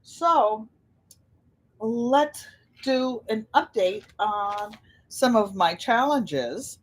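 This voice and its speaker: An older woman hosts a casual livestream in a chatty storytelling way. She brings people she quotes to life with animated voices. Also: on the high side, drawn-out words. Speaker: channel host.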